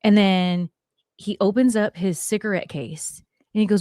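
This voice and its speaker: A woman in her forties hosting a talk show, telling a story in a lively way and acting out what people said. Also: mid-range voice, normal speed, no room sound, studio quality. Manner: animated, acts out quotes, swears it is true. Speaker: podcast host. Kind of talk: storytelling chat.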